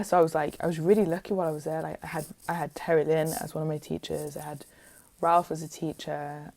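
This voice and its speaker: A British woman telling stories as a guest in a casual interview, lively and chatty, with lots of "like". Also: deep voice, creaky, no room sound. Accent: British English. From England. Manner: lively, chatty, heavy use of "like". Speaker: guest musician.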